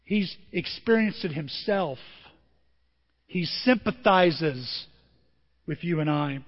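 A man pastor preaching a sermon with emotion, his voice moving from quiet and tender to loud and emphatic. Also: a little high, moderate pace, long reverb tail, muffled recording. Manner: emotional, swings from soft to emphatic.

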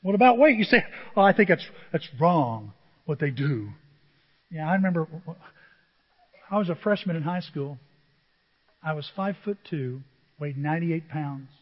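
A middle-aged man preaching a sermon, telling humorous stories with animated asides to the congregation. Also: fairly high pitch, unhurried, pauses often. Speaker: pastor. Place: church sanctuary. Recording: dull reverberant church recording.

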